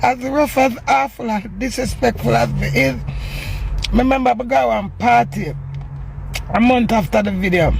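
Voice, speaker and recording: A middle-aged woman with a Jamaican Patois accent tells her own story in a loose, unscripted monologue. Her voice is gravelly, with a little background hum. She lurches from loud bursts to quiet, low asides. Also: moderate pace. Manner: animated, swings between loud outbursts and low murmurs. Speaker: social media personality.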